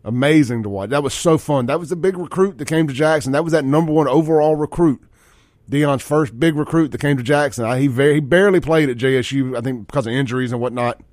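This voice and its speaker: A man's voice: fast, darkish tone, dry recording, studio quality. A man hosting a radio talk show, chatting about sports in a folksy, opinionated way and getting worked up as he rants. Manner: folksy, worked-up rants, pitch climbing when riled. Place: radio studio. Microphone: studio microphone.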